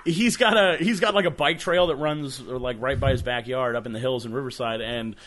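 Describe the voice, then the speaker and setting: A man, a comedian, telling a story in casual chat, animated and laughing often, with plenty of swearing. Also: medium pitch, fairly quick. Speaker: comedian guest.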